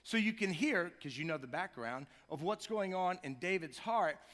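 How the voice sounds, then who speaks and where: A middle-aged male pastor with a high, ringing, bright voice preaches in a church. His delivery is conversational and playful, with quick asides to the congregation, and it swells into impassioned pleading. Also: animated. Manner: conversational, jokey asides, rising to impassioned cries. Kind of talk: sermon. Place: church sanctuary.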